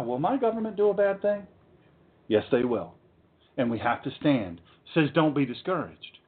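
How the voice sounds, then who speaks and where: A man preaching a sermon, fiery and emphatic, with dramatic pauses. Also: fairly high pitch. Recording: tinny phone-like sound.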